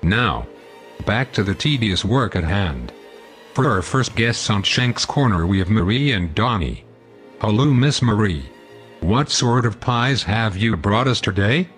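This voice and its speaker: Pompous sarcastic male host, low voice. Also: animated, measured pace, fairly bright tone, soft background music. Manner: pompous, long-winded and sarcastic. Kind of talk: scripted comedy banter.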